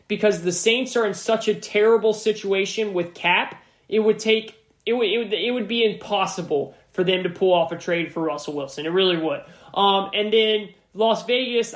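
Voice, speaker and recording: A man hosting a sports podcast, talking through his opinions in a casual, emphatic monologue and repeating points for stress. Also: high voice. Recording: roomy echo.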